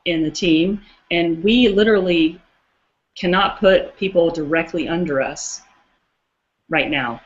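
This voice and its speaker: A woman co-hosting a casual chat, talking in an excitable, rambling way. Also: fairly low pitch, measured pace. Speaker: co-host. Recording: muffled lo-fi audio.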